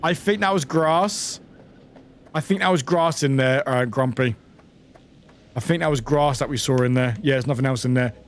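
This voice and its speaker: A young British man streaming a game live, excitable and full of laughs, yelps and swearing. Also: mid-range voice, moderate pace, a little hiss or hum.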